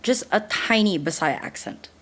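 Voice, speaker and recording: A woman co-hosting a casual podcast chat, asking curious questions in a calm, low-key manner. Her voice is at a middle pitch. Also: normal speed. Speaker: podcast co-host.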